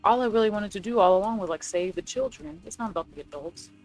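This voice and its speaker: A woman's voice: medium pitch, fast talker, a little mellow, faint music behind, lightly acted, rough recording. A woman casually voicing a possessed girl puppet spirit who only wants to protect children, in an offhand, half-mocking way. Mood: earnest.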